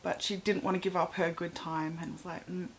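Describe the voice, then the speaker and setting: A young woman with an Australian accent telling personal stories in a casual, chatty way, full of fillers and often sinking into a soft, breathy half-whisper. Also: on the low side, little pitch movement, a little fast, a little hiss or hum, low-quality recording. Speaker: vlogger.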